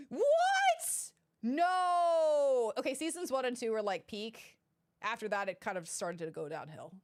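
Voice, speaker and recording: A woman's voice: mid-range voice, expressive, fairly quick, dry recording, clean studio sound. A woman casually commenting through a game playthrough, chatty, giggly and self-deprecating. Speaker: gaming streamer.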